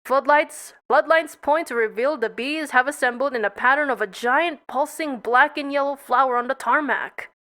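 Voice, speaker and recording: A woman's voice: high voice, moderate pace, few pauses, pushed and bright. A young woman reading a film script aloud in a playful, casual way, laughing at her own slips. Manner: playful, stumbles over words and laughs at herself. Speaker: script reader.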